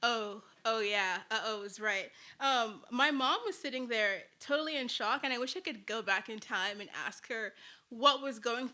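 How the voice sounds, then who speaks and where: A woman's voice: high voice, sharp tone. A young woman telling a personal story to an audience in a casual, chatty way, full of "like"s and laughing at her own jokes.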